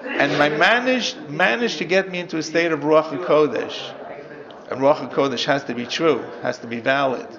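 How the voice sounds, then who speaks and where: Man, rabbi giving a lesson, gravelly voice, reads and translates text, muffled lo-fi audio, students talking in background. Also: fairly high pitch, normal speed. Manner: explains step by step, reads Hebrew then translates. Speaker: rabbi teaching a text class. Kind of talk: classroom Torah lesson. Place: classroom with students. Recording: dull lo-fi audio with class chatter.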